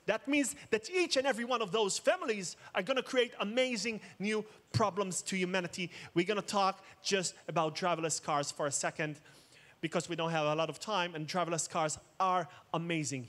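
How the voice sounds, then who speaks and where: A man's voice: sits high, fairly quick, a bit bright. A man giving a keynote talk, mixing jokes with dramatic storytelling. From Israel. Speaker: conference speaker. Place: outdoor festival main stage.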